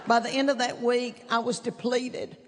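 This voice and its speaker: A live stage mic in a reverberant hall catches a middle-aged woman from East Tennessee, her Southern-accented voice on the high side with little pitch movement, plus background noise. Performing stand-up on a theater stage for an audience, she spins folksy, chatty stories and stretches out her punchlines.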